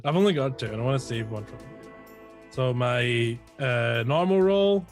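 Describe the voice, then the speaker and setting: A man's voice: mid-range voice, animated, moderate pace, soft background music. A man as a player in a tabletop role-play, speaking in a hesitant, self-deprecating way.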